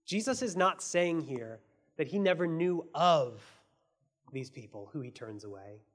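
A man preaching a sermon as pastor, earnest, asking his listeners questions and swinging between soft and emphatic delivery. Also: a little high, animated, unhurried. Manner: asks the audience many questions.

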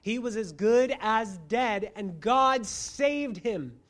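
A preacher giving a sermon, moving between quiet asides and loud emphasis and asking the listeners rhetorical questions. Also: medium pitch, expressive, takes it slowly. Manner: addresses listeners as friends, asks rhetorical questions.

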